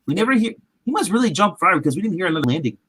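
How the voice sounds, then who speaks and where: A man's voice: sits high, sing-song, rapid-fire, a bit bright, poor audio. A man recapping a show in casual, rambling chat, acting out quotes in different voices. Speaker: comic show recap host.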